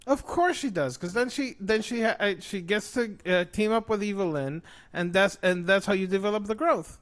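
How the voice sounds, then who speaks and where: A man co-hosting a casual show, ranting excitedly and swearing a lot. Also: high-pitched, moderate pace. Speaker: podcast co-host. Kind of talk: casual chat.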